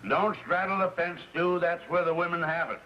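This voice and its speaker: An actor playing a grumbling middle-aged suburban husband, eager and gossipy, in 1950s sitcom acting. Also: male voice, a little high, steady tone, normal speed, natural voice. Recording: dull lo-fi 1950s TV soundtrack with faint hiss.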